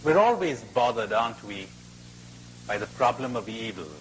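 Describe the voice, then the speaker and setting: A man giving a spiritual talk and telling a fable, expressive with dramatic pauses. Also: fairly low pitch, a little hiss or hum, poor audio. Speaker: spiritual speaker.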